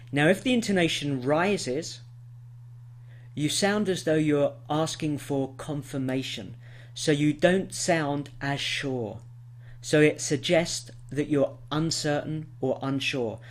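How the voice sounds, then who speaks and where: A man teaching an English lesson, patiently explaining grammar and reading out example sentences. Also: on the high side. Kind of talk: scripted lesson to camera.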